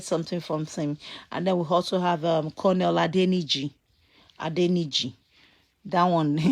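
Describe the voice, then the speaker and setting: A woman with a Nigerian accent talking casually to viewers, rambling as she reminisces and searching aloud for names. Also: fairly low pitch. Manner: grows loud and excited when a memory comes back.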